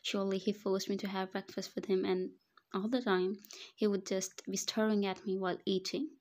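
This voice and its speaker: A woman narrating a romance story in first person, with a middle-pitched voice. She reads with drama and slips into whispered asides. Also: little pitch movement, moderate pace, darkish tone. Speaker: fan fiction reader.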